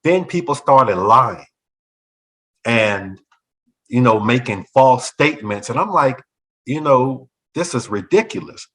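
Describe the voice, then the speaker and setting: A man's voice: mid-range voice, slow pace, poor audio. A man and former school principal telling a personal story in a talk show conversation, acting out other people's lines as he goes. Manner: animated, acts out other people's voices in quotes.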